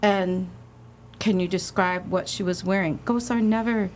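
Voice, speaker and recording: A woman casually telling a ghost story on a podcast, animated and laughing, acting out the quotes. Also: medium pitch, measured pace, a little hiss or hum. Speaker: guest, haunted inn representative.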